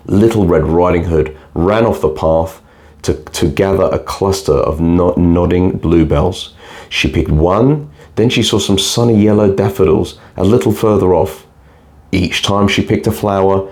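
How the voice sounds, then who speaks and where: A man with a very deep voice reads a bedtime fairy tale aloud. His delivery is calm and steady, paced like a storyteller settling children down. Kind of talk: scripted bedtime story narration.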